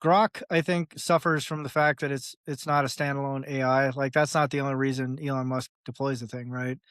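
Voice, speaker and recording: The man speaks at medium pitch, a little fast, with a clear, resonant tone in a dry studio-quality recording. As a guest on a podcast, he talks casually and rambles, often saying "like" and "right?", animatedly voicing the people he quotes.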